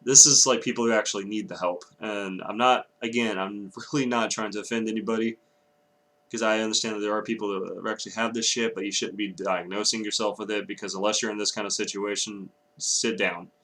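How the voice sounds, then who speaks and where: A man's voice: on the low side, steady tone, fairly quick, pushed and bright. A young man from Texas ranting angrily in a vlog, swearing often and breaking off to apologize. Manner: angry, profane ranting with apologetic asides. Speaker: vlogger.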